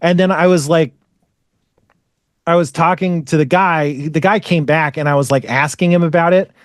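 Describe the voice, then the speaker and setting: A man's voice: fairly high pitch, fairly even intonation, moderate pace, dry recording, studio quality. A man hosting a podcast, telling a story in casual chat, rambling and profane, often exasperated and full of "like" fillers. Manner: frequent "like" fillers. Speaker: podcast host.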